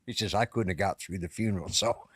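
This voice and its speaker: A man's voice: low voice, quick pace, a bit bright, husky, dry recording, studio quality. Rambling older man telling a story. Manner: rambling, self-interrupting storyteller. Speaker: podcast co-host. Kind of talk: casual storytelling. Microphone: live-stream call setup.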